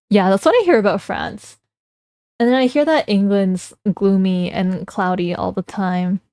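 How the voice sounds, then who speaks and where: A woman's voice: mid-range voice, a little slow, warm tone, no echo. Playful woman streamer, dry sound. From Canada. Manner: playful, teasing, laughs often while reading chat. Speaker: livestreamer. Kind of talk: casual livestream chat.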